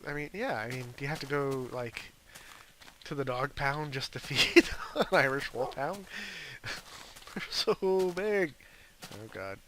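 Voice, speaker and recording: Lively chatty man, gameplay commentary. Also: mid-range voice, slow, a little hiss or hum. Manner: chatty, rambling, talks fondly to his pet wolf. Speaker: gaming video host.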